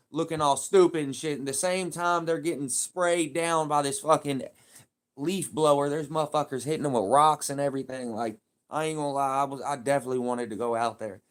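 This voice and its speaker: A man's voice: on the high side, fairly even intonation, normal speed. A man live streaming, talking in a casual, heated and profane rambling rant.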